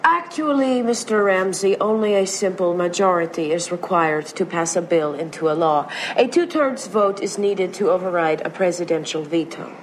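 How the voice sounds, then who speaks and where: A woman's voice: fairly low pitch, moderate pace, hardly any pauses, slight background noise, lightly acted, low-quality recording. An actress playing a young female Polish exchange student in a TV show, with a put-on Eastern European accent and a stuffy, formal delivery. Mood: earnest. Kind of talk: 1980s TV sitcom acting.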